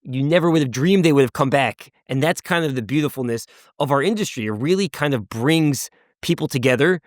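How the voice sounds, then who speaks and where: A man's voice: mid-range voice, a little fast, no echo, studio quality. A man hosting a podcast interview who asks questions and affirms his guest enthusiastically.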